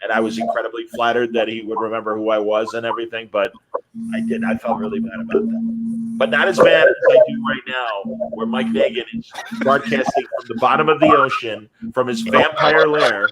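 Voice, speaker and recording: A man's voice: mid-range voice, fairly even intonation, a little fast, over a noisy crowd. A man co-hosting a podcast livestream over a video call, telling stories and mocking his co-host in brash, swearing banter. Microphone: video call mic.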